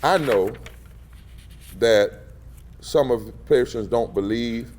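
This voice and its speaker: A man with a mid-range, slightly mellow voice speaks slowly as a civil rights leader at an indoor press gathering, with a little hiss or hum in the audio. His impassioned public address has a rhythmic, emphatic preacher style that swells on key phrases.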